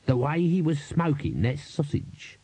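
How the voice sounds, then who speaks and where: A man's voice: fairly high pitch, sing-song, unhurried, dark tone, husky, dry recording, voice pushed up, exaggerated voice. A man voicing a hot-tempered male dwarf musician who snaps and complains indignantly, in an audiobook reading. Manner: snappish, indignant. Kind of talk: audiobook character voice.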